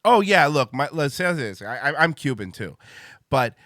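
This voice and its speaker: A man's voice: on the high side, very animated, normal speed, a bit bright, no echo, studio quality. A middle-aged man from Miami hosting a casual podcast, blunt and crude, rambling with restarts. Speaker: host.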